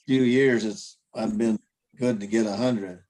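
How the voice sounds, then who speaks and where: A man's voice: on the low side, steady tone, unhurried, noisy background. Plain-spoken man from North Carolina. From central North Carolina. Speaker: caller with a question.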